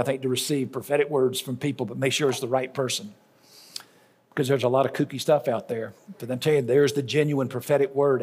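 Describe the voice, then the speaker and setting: A middle-aged male pastor with a mid-range, slightly rough voice gives a folksy sermon. He tells stories and repeats lines for emphasis.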